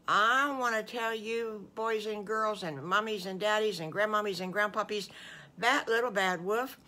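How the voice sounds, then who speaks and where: An older woman, a great-grandmother, telling an improvised children's story slowly with homely asides to the little listeners over a video call. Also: mid-range voice, a bit bright. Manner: slow, homely, addressing children with small asides.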